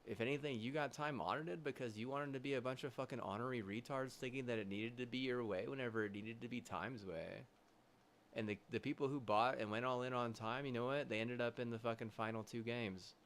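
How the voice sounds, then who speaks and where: A young man streaming live, ranting angrily with constant swearing, halting restarts and loud agitated bursts. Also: medium pitch, steady tone, a little hiss or hum. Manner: heated, profane, swearing constantly; halting restarts, trailing fillers. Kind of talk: angry livestream rant.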